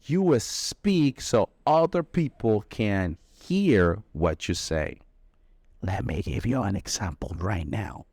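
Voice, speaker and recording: A man teaching English vocabulary, explaining slowly and stressing each key word. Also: fairly low pitch, lively intonation, darkish tone, no room sound. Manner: slow, emphatic explaining with drawn-out key words. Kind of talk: vocabulary lesson.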